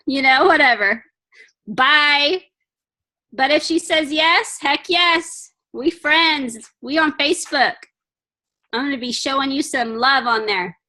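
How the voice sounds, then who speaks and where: A woman's voice: sits high, expressive, measured pace, pushed and bright. A woman giving a chatty, emphatic pep talk to her team on a video call from home, acting out little dialogues.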